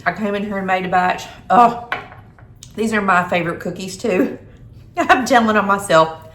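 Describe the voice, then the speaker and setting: A middle-aged homey vlogger, her voice a bit bright, on the low side, and moderately paced, chats to the camera indoors in her kitchen. She snacks while talking, and the room echoes.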